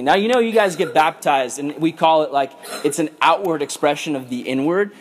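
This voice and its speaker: A man leading a casual Bible study as a youth pastor. He is animated and chatty, says "like" a lot and acts out the people in the story. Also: a little high, fairly quick, few pauses. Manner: animated and chatty, with lots of "like" and acted-out voices.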